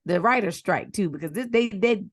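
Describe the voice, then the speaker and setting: A woman co-hosting a casual podcast, talking in an animated, profane way and slipping into mimicked voices. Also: mid-range voice, moderate pace, no echo, clean studio sound. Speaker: podcast co-host. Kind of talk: casual chat.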